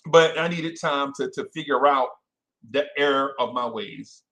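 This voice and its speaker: A man hosting a casual fan podcast, animated and self-correcting, calling out listeners by name. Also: mid-range voice, measured pace. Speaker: podcast host. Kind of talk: casual live-stream chat with fans.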